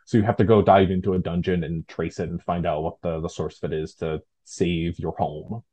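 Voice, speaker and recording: A man's voice: deep voice, little pitch movement, brisk, warm tone, slightly rough. A man talking casually as an interview guest, rambling with fillers and restarts. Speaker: guest, tabletop game designer.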